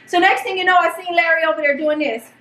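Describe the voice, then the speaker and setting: Very high-pitched, animated storytelling woman. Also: fast talker, echoey room, distant mic, noisy background. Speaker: vlog host and mother. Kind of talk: casual storytelling. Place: home kitchen.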